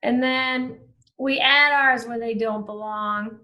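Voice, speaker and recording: A woman's voice: a little high, fairly even intonation, slow pace, pushed and bright, poor audio. A woman from Maine with a faint Maine accent, a chatty storyteller telling her story as a podcast guest, often laughing. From Maine, USA. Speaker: interview guest. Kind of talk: casual conversation.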